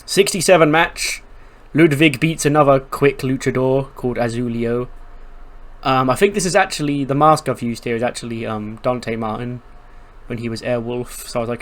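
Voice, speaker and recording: A man's voice: mid-range voice, steady tone, normal speed. Chatty man narrating a wrestling sim. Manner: chatty, storytelling with frequent fillers. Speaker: game streamer. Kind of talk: casual game commentary.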